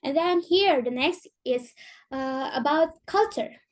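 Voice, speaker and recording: A young woman from Indonesia with a Sundanese accent, giving an informal presentation and searching for words as she speaks. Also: high voice. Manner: halting, searching for words in English.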